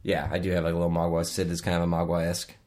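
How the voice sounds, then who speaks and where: A man's voice: low-pitched, completely flat delivery, rapid-fire, a little mellow. A man in his forties from the Phoenix area, co-hosting a podcast in casual, joking, rambling chat. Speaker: podcast co-host.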